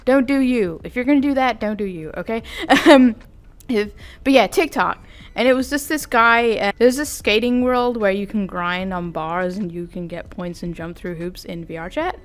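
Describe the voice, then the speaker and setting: A woman's voice: medium pitch, moderate pace. A young adult woman vlogging in a casual, rambling, self-deprecating chat with giggly asides. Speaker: vtuber vlogger.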